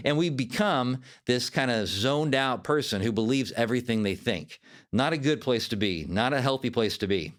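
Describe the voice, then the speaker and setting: A man hosts a podcast as a life coach, delivering a motivational monologue in an animated, conversational way. His voice is mid-range and his pace moderate.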